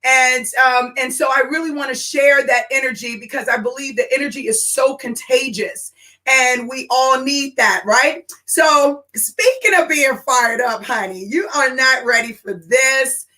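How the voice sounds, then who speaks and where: A woman hosting a live stream, talking with high energy and calling out to viewers by name. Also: measured pace, bright, forceful tone, low-quality recording. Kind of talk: excited live-stream announcement.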